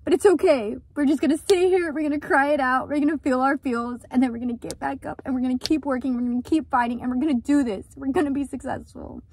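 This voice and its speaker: A woman's voice: high voice, fairly even intonation, fast talker, few pauses, darkish tone, dry recording. A woman vlogging outdoors about running a small business, talking in an earnest, vulnerable way and repeating words for emphasis. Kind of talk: emotional confessional vlog.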